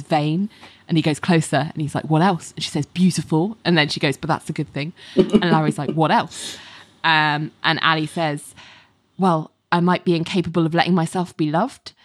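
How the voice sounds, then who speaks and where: A woman's voice: low-pitched, steady tone, moderate pace. A woman recapping a TV episode for a podcast in casual chat, recounting scenes in detail and acting out the lines. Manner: recounts scenes in detail, acts out quotes, laughs often.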